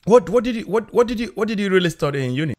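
A man's voice: high voice, animated, very fast, darkish tone. A man hosting a podcast, asking eager questions with frequent restarts. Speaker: podcast host. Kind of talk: conversational interview.

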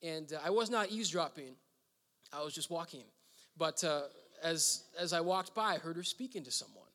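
A man's voice: a little high, animated, normal speed, bright, forceful tone. A man preaching as pastor in a church hall, telling a story in a loose, conversational way with frequent "uh" fillers. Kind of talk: sermon storytelling. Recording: reverberant hall.

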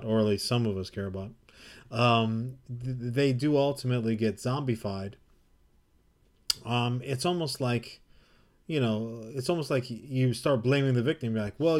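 A man's voice: mid-range voice, a little mellow. A man co-hosting a casual podcast, rambling and teasing with frequent laughs. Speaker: podcast co-host.

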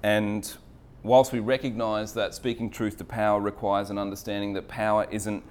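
A man's voice: lowish voice, little pitch movement, normal speed, darkish tone, smooth. A man giving an earnest, reflective faith talk in an air-conditioned cafe. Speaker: speaker sharing faith reflections.

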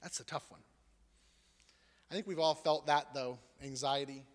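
A man preaching a sermon as a pastor, telling funny personal stories in an animated, joking way. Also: mid-range voice, unhurried, in a large hall.

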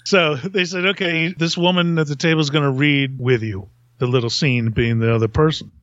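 A man's voice: fairly high pitch, fairly even intonation, brisk, a bit bright, no echo. Podcast guy rambling thru a story, keeps chuckling, dull lo-fi dry sound. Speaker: podcast host. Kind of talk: casual storytelling.

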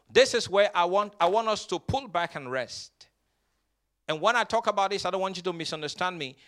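A pastor with an extremely high-pitched, sharp voice preaches a sermon, leading his congregation in call-and-response. He reads scripture emphatically, stretching it out word by word.

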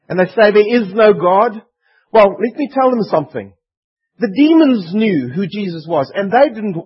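High-voiced husky male preacher. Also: lo-fi sound. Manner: earnest, emphatic, voicing pleading demons. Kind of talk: sermon.

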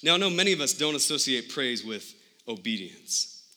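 A man preaching a sermon as pastor, telling the story with animated quoted voices. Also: mid-range voice, normal speed.

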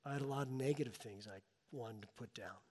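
A man's voice: medium pitch, fast, a little mellow, breathy edge. A middle-aged male pastor preaching a sermon, telling a personal story with rising and falling emotional intensity. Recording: long reverb of a large hall.

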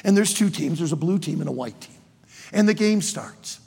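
A man preaching a sermon to students, emphatic and animated, with sudden loud outbursts. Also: fairly high pitch, moderate pace, creaky, husky. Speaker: preacher and college teacher. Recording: long hall reverb.

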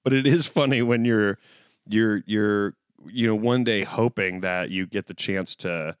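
A man's voice: fairly low pitch, measured pace, smooth, dry recording, studio quality. A young man in casual comedic chat, talking playfully with laughing, mock-incredulous asides about making his own show.

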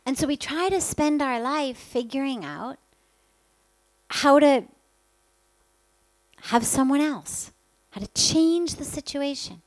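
A woman's voice: high voice, expressive, slow, long pauses, no echo, rough recording. A woman spiritual teacher giving an earnest talk, telling stories and stacking up lists. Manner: earnest, gentle storytelling with many lists.

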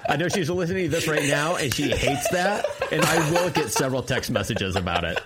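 Lively joking man, fairly high voice. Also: fairly quick, few pauses, heavy background noise. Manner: joking, swears, says bro and dude. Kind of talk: casual podcast banter.

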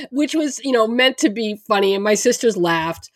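A woman's voice: fairly high pitch, animated, normal speed, dry recording, studio quality. A middle-aged woman co-hosting a podcast, talking casually with many restarts and laughing through hard moments. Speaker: podcast co-host. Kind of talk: casual conversation.

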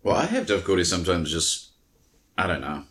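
A man with a low voice co-hosts a relaxed podcast chat. He mostly answers in short agreeing bursts and now and then needles his partner with a playful question. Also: brisk. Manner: brief agreeing replies, teasing questions. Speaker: podcast co-host. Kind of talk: casual chat.

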